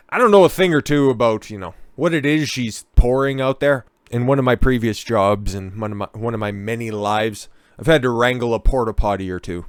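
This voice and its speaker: A man's voice: mid-range voice, clear, resonant tone, no echo, clean studio sound. A man hosting a reaction commentary, ranting with heavy profanity and sarcasm. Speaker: commentary channel host.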